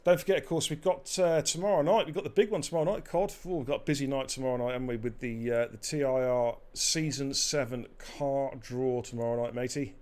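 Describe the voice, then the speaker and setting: A man's voice: medium pitch, fast, few pauses. Jokey man commentating esports racing. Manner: jokey, swears freely, energetic. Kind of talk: live esports race commentary with banter.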